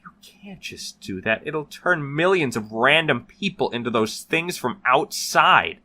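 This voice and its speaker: A man voicing a hardened, deadpan armed man in a horror audio story. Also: mid-range voice, a little slow, pitched above the performer's own voice, heavily acted. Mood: tense. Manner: deadpan, flat.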